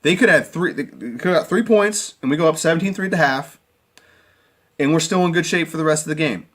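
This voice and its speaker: A man's voice: fairly high pitch, fairly quick, fairly bright tone. A man reviewing a football game in an emotional, exasperated rant, often repeating himself. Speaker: sports fan commentator.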